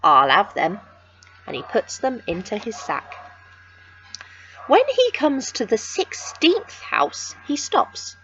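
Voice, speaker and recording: A woman reading a children's picture book aloud with expressive, sing-song storytelling. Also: high voice, slow pace, dull audio, slight background noise.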